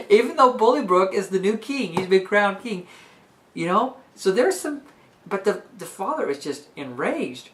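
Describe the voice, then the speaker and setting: A woman's voice: fairly low pitch, animated, measured pace, fairly bright tone. Chatty, enthusiastic woman explaining a play. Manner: chatty and enthusiastic, with frequent checks like "okay?". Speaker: book reviewer and teacher. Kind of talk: casual explanatory retelling.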